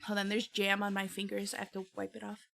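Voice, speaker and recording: Bright-voiced woman streamer chatting. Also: mid-range voice, completely flat delivery, fast, creaky, no echo. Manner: chatty, laughs often, talks while eating. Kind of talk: casual live-stream chat.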